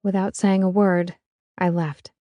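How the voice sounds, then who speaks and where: A woman's voice: lowish voice, little pitch movement, a little slow, no echo, highs cut off. A woman narrating a first-person romance audiobook in a wry, confiding way.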